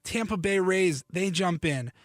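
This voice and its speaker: Young man, slightly hoarse, fairly high voice, dry close sound. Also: a little slow, no echo. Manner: chatty, self-deprecating, stammers and restarts. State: slightly hoarse, needs to cough. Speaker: podcast host. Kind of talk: casual sports podcast monologue.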